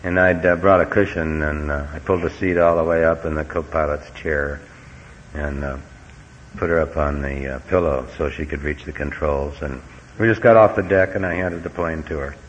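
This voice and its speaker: A man's voice: rumbling low, steady tone, moderate pace. A middle-aged man giving a folksy, earnest personal talk as a recovery meeting speaker, with wry humor. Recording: dull lo-fi recording with faint hiss.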